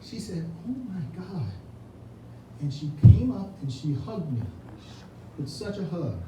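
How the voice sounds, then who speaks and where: A man delivers an earnest, impassioned campaign speech, his voice sitting a little on the high side. It comes from some distance away in an echoey indoor room, with steady noise underneath. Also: a little slow. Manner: earnest, impassioned, with personal stories. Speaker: political candidate. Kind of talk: campaign speech at a fundraising reception.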